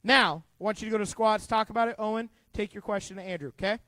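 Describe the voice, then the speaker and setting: A man teaching a middle school youth group, retelling a Bible story in an animated, conversational way and asking the kids questions. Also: sits high, quick pace, no echo. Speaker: youth pastor.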